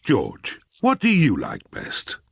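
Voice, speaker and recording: A man's voice: on the low side, wildly swooping pitch, slow pace, vocal fry, breathy edge, dry recording, studio quality, heavily acted. A man voicing a cheerful, confident grown-up male pig father in a cartoon.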